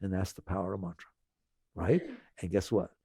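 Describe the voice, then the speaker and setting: A man with a gravelly, mid-pitched voice gives a spiritual talk, recorded dry and close. He speaks conversationally, repeats phrases slowly and keeps asking "right?". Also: fairly even intonation, warm tone, no room sound. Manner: conversational, tags lines with "right?". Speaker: spiritual teacher.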